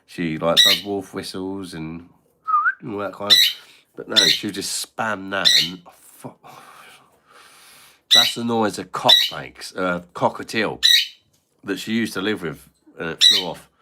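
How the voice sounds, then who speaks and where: A man's voice: low voice, unhurried. A man hosting a casual live stream, bantering and swearing at his noisy pet bird while reading chat comments. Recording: loud parrot squawks behind.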